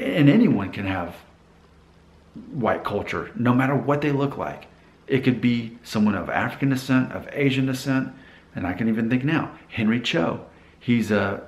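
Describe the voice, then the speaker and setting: A man's voice: fairly low pitch, echoey room. A man in casual vlog talk, rambling a little, with restarts and asides. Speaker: vlogger. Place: Nashville.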